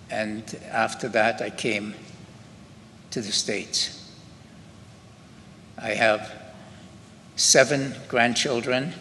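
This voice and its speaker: An older man with a Scottish accent, giving slow, halting spoken testimony to an audience in a synagogue hall. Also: medium pitch, bright, forceful tone. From Scotland. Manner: slow, halting storytelling with many pauses and restarts. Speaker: Holocaust survivor giving testimony. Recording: reverberant hall with faint ambient noise.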